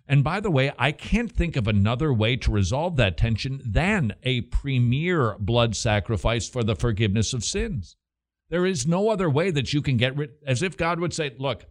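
A man hosting a talk radio show, answering listener questions emphatically and using plenty of rhetorical questions. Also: medium pitch.

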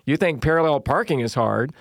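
A middle-aged man preaches a sermon, telling funny stories from his small-town life before turning to faith. His voice sits a little high for a man, and the sound is dry and close with no room around it. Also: a little fast, gravelly, no echo. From Southern United States. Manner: humorous storytelling, lively quoted voices. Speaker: pastor.

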